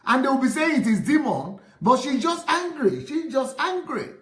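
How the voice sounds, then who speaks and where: Impassioned pastor, high-pitched. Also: male voice, big pitch swings, moderate pace. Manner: impassioned, repetitive, rising to shouts. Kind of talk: commentary on a video. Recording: roomy echo.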